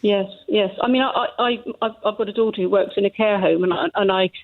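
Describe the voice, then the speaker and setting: Middle-aged woman caller, tentative and hesitant, mid-pitched voice over a tinny phone line. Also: steady tone, quick pace. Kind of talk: casual phone-in chat.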